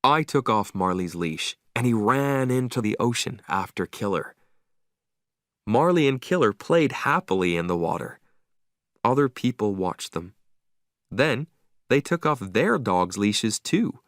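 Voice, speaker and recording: Man, story narrator, slow and clear, lively pitch, dry recording. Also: no echo. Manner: lively, expressive reading.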